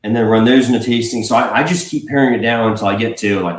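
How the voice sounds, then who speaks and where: A man, a whiskey blender, speaking casually as a livestream guest, relaxed and rambling with fillers and restarts. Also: mid-range voice, quick pace, roomy sound, poor audio. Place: home.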